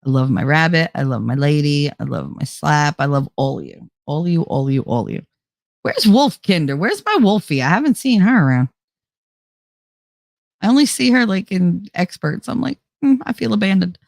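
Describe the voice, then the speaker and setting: A woman's voice: deep voice, sing-song, moderate pace, gravelly, no echo, clean studio sound. A middle-aged woman hosting a casual livestream, chatting with her viewers and reading their comments, laughing often and swearing freely. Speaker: livestream host.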